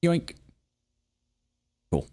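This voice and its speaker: Extremely slow and mellow, a middle-aged man chats while playing a game, with slight background noise and faint music. His casual commentary rambles through anecdotes thick with fillers.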